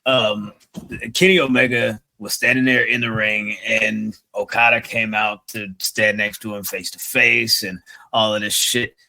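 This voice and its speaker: A man's voice: lowish voice, flat delivery, unhurried, vocal fry, bright, forceful tone. A man hosting a podcast, recapping wrestling news in a laid-back, profane way. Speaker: podcast host. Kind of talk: casual wrestling chat.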